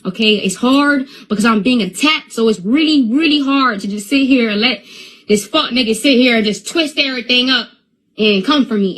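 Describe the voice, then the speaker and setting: A woman's voice: on the high side, moderate pace, fairly bright tone, low-quality recording. A young woman on a phone live stream, talking in an agitated rant that stammers and repeats itself.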